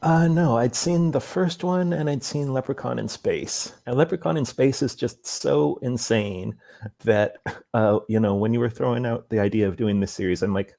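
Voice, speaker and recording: A man's voice: medium pitch, moderate pace, creaky, warm tone. A man speaking as a guest on a podcast, chatting casually and with enthusiasm. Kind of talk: casual chat.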